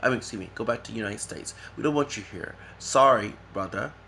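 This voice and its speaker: A man voicing a stern English immigration official who scolds and turns someone away, in a put-on English accent and a gravelly voice. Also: lowish voice, fast, bright, forceful tone, a little hiss or hum. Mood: scolding. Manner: scolding, dismissive.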